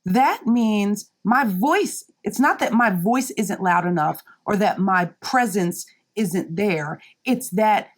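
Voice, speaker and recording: A woman's voice: medium pitch, slow pace, hardly any pauses. A woman guest speaking candidly and emphatically, acting out other people's lines in raised voices as she tells a work story. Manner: animated, acts out quotes in raised voices; emphatic, frequent "right?" and "you know". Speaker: podcast guest, marketing leader.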